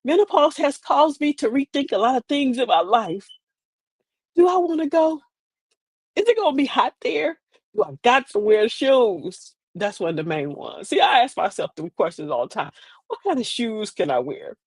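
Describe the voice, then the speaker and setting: Woman in her 40s, aave, chatty livestream host, pitch all over the place, dry close sound. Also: moderate pace, husky, no room sound. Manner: animated, talks to viewers, acts out quoted voices. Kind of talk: casual livestream monologue.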